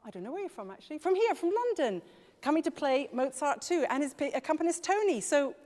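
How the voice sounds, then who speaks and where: A woman's voice: high-pitched, expressive, quick pace, very noisy. A woman leading a live horn masterclass in a large music college hall, chatty and enthusiastic, laughing often. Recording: echoey hall.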